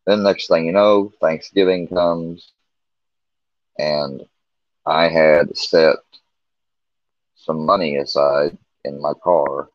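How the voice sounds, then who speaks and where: A man with a deep, low-pitched voice tells a long personal story in a loose, rambling way. He restarts often and acts out the back-and-forth. The sound is dry and dull, like lo-fi stream audio. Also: fairly even intonation, takes it slowly, pauses often, dry recording. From Missouri. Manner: candid, rambling, with many restarts and quoted dialogue. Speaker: guest telling a personal story. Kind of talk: casual storytelling on a livestream.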